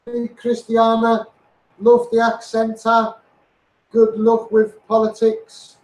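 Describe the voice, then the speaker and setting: A man's voice: very high voice, monotone, slow, a little mellow, roomy sound, far from the mic, low-quality recording. A man with a mixed Scouse and Essex accent, ranting passionately on a live stream, greeting his viewers by name and repeating himself. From England. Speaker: campaigner live-streaming to followers. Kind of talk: impassioned live-stream rant.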